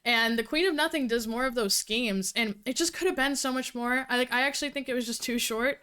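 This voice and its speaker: A woman livestreaming casual chat with her viewers, talking fast and cursing freely, a little out of breath. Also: fairly high pitch, sharp tone, smooth. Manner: fast-talking, profane, giggly. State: slightly out of breath. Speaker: livestreamer reviewing books.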